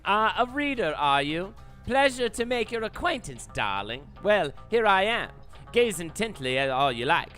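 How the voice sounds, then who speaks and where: A theatrical, sly winged harp woman, put on by a man who purrs "darling" in an old-timey transatlantic drawl. Her voice swoops high and lively. Faint music plays underneath. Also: normal speed, heavily acted. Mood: coy, teasing.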